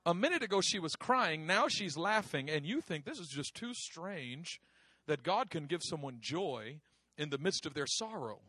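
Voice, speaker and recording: A middle-aged man preaching, telling a story with lively acted-out voices and frequent laughter. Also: on the high side, normal speed, breathy edge, no echo, studio quality. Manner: animated, acts out voices, laughs often. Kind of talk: sermon storytelling.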